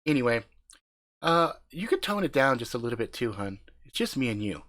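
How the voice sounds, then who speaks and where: A man voicing a calm, prim wife who speaks softly and patiently, scolding her partner gently in an improvised comic story. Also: mid-range voice, brisk, voice pushed down. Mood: chiding. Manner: soft-spoken, patient, chiding.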